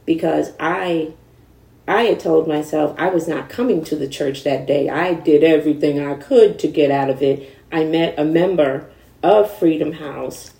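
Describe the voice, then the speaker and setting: Lively storytelling woman, roomy sound. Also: low-pitched, measured pace, gravelly, distant mic. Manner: animated, acts out quoted voices. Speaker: guest. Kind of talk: candid storytelling conversation.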